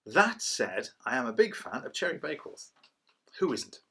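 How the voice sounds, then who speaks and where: Here a middle-aged man speaks in a mid-range, sing-song voice at a moderate pace, sharp in tone and slightly rough. He chats casually about a cider, rambling along and calling himself a waffler.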